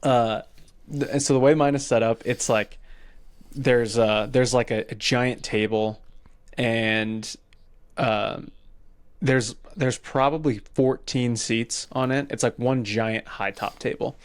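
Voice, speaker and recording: A man's voice: mid-range voice, slow, clear, resonant tone. A man co-hosting a podcast, casually telling a funny story and quoting the people in it. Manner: animated retelling, quoting people in his story. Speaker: podcast co-host.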